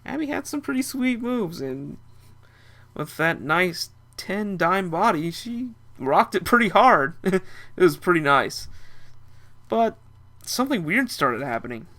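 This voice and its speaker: A man's voice: high voice, big pitch swings, measured pace, pushed and bright. A young man narrating a first-person story in a casual, chatty way.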